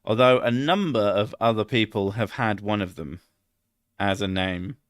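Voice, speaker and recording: A man's voice: lowish voice, normal speed, no echo, studio quality. A middle-aged British man chatting casually on a live stream, rambling, swearing a lot and laughing at his own jokes.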